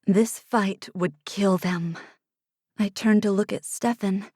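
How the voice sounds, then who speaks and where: A woman narrating a first-person fantasy audiobook in a hushed manner, sometimes dropping to an unvoiced whisper, close to a studio mic. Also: mid-range voice, fairly even intonation, takes it slowly, dry recording. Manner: hushed, drops to unvoiced whispers in tense passages.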